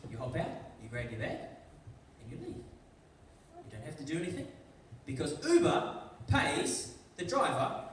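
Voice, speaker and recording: A man's voice: a little high, slight background noise. A man with a New Zealand accent giving a school worship talk as guest speaker, chatty and acting out little scenes in voices. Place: large school hall. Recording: echoey hall from far off.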